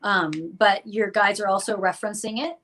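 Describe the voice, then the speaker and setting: A woman giving an earnest, expressive psychic reading on a live stream. She acts out the listener's inner thoughts and laughs between phrases. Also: mid-range voice, normal speed, low-quality recording. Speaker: psychic reader.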